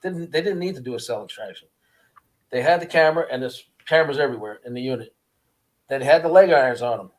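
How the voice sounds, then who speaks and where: A man, a former prisoner, telling his story in a casual interview with an earnest, halting manner, often repeating words. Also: mid-range voice, expressive. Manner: earnest, repeats words, acts out guards' voices.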